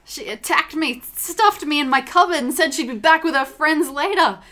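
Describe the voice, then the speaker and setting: A trembling male doctor, put on by a woman, gasps out his words in a breathy, stammering rush. The voice sits high and bright, pushed loud with panic. He sounds weak and frantic throughout. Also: normal speed. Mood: panicked.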